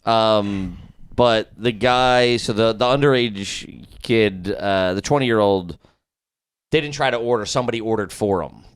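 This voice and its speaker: A man's voice: lowish voice, measured pace, clear, resonant tone. A man co-hosting a podcast, telling a rambling story full of swearing and quoted back-and-forth. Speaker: podcast co-host. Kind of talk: casual storytelling chat.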